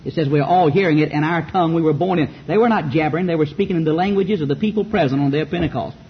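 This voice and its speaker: Man, Southern US accent, fiery sermon, high voice, muffled recording, faint hiss. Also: quick pace. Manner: fiery, rhetorical, mocking asides. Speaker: preacher.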